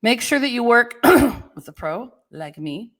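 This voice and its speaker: A woman's voice: fairly high pitch, very animated, unhurried, fairly bright tone. A woman hosting her own real estate podcast, talking casually on her own with loose, chatty asides and frequent restarts. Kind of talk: casual solo podcast talk.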